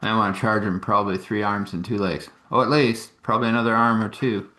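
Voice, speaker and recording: A man's voice: fairly low pitch, fairly even intonation, a little fast, sharp tone, roomy sound. A man telling a meandering improvised story, with laughs and restarts.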